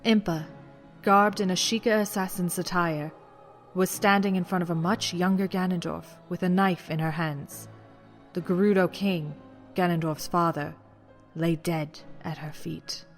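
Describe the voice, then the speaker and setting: A man giving dramatic scripted audiobook narration, dropping to a hush at tense moments. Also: high voice, fairly even intonation, measured pace, soft background music.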